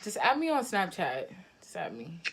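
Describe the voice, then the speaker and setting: A woman's voice: fairly low pitch, normal speed, breathy edge. An eighteen-year-old woman from Boston with a Boston accent, playfully teasing strangers over a phone video chat. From Boston, USA. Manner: playful, teasing, deadpan setups. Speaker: vlogger chatting with strangers. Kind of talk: casual video-chat prank. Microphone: phone on a video-chat app.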